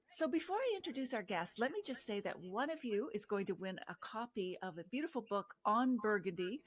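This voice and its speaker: A woman's voice: mid-range voice, fairly bright tone. A middle-aged woman hosting a wine podcast, introducing her guest and chatting with enthusiasm and frequent laughs. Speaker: podcast host. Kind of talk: interview host intro and chat.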